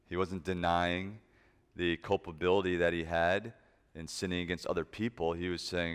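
A man preaching a sermon, emphatic, shifting between loud stressed points and soft asides. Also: low-pitched, flat delivery, moderate pace, smooth. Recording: long reverb of a large hall.

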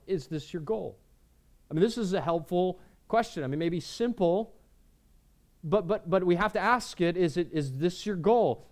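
A man preaching a sermon, earnest, repeating words and moving between emphatic lines and quiet ones. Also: fairly high pitch. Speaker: pastor.

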